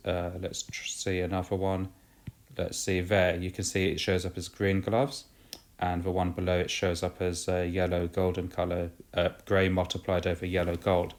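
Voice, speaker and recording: Low, flat-voiced man explaining software. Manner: explains step by step with fillers and self-corrections. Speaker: video tutorial host. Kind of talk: screen-recorded software tutorial.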